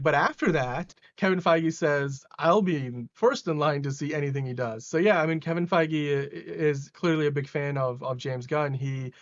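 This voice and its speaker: A man's voice: medium pitch, dry recording. A man hosts a casual pop-culture podcast, rambling through his points with plenty of fillers. His sound is dull and lo-fi. It is dry, with no room around it. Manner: rambling, hedging, lots of fillers. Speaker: podcast host.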